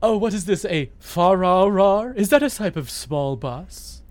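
A man's voice: sits high, animated, unhurried, no echo, voice pushed up. A man putting on a posh, clueless rich guy. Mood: snooty. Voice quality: put-on posh voice. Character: pompous rich man, clueless about ordinary life.

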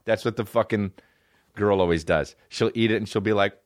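A man's voice: lowish voice, fairly quick, no echo, clean studio sound. A man hosting a comedy podcast, riffing profanely through a rambling monologue and jumping between bits.

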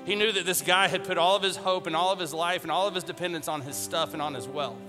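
A man's voice: high voice, quick pace, in a large hall, music in the background. A man preaching a conversational sermon as a pastor, retelling Bible scenes in casual modern speech and repeating phrases for emphasis.

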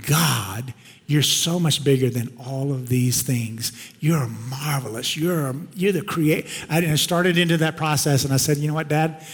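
A man's voice: mid-range voice, a little slow, breathy edge. A male pastor preaching a sermon, telling stories in a conversational, emphatic way. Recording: long hall reverb.

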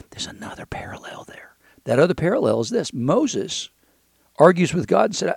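A man's voice: a little high, big pitch swings, moderate pace, vocal fry, darkish tone, breathy edge, no room sound, studio quality. A man teaching a Bible passage verse by verse, talking conversationally with many restarts and reading scripture aloud.

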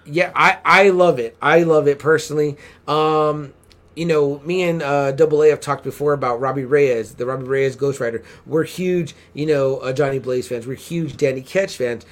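Animated man with a high voice. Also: moderate pace. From San Antonio, Texas. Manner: animated storytelling, acts out excited quotes. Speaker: podcast co-host. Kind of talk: casual chat.

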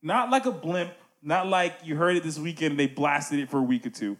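A man's voice: a little high, a little fast, a bit bright. A man hosting a casual music podcast, talking animatedly and checking in with "right?" asides.

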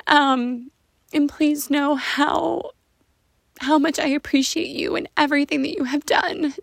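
A woman's voice: high voice, gravelly, a bit bright, no echo, clean studio sound. A young woman hosting her own podcast, talking in an emotional, gushing and casual way, with some swearing. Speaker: podcast host.

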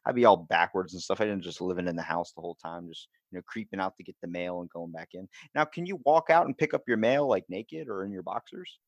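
A man in his twenties with a Baltimore accent, chatting casually as a podcast host, animated and swearing freely. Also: deep voice, quick pace, few pauses, dry recording, highs cut off. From Maryland, USA. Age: 20s. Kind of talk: casual chat.

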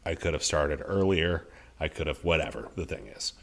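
This is a deep-voiced man in his thirties talking on a podcast. He speaks earnestly and thoughtfully, often circling back and restarting his sentences as he works through an idea. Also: lively intonation, normal speed, gravelly, a bit bright. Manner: earnest, reflective, many restarts. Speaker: podcast co-host. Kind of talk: casual conversation.

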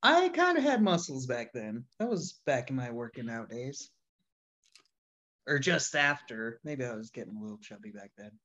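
A man's voice: mid-range voice, big pitch swings, normal speed, a bit bright. A young man co-hosting a casual podcast, laid-back and joking, with casual swearing. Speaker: podcast co-host. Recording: dull, muffled lo-fi sound.

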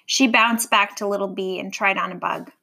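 A woman's voice: medium pitch, fairly even intonation, normal speed, vocal fry, sharp tone. A woman voicing a small, fussy little girl letter in a read-aloud storybook, with a bouncy, childlike manner.

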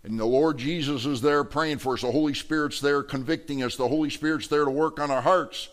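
A middle-aged male pastor with a Wisconsin accent, preaching a sermon and acting out the people he quotes with lively storytelling. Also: on the high side, fairly quick.

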